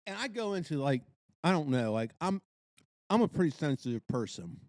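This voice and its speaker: A middle-aged man telling a story in casual podcast chat, animated and exclaiming. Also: a little high, fairly quick, dry recording, studio quality. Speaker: podcast co-host.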